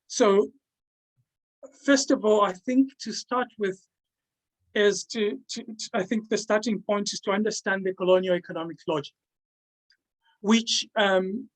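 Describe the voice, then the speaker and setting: Halting man giving an academic talk. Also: high voice, low-quality recording. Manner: halting, with many repeated words and restarts. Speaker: author presenting his book. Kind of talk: academic presentation.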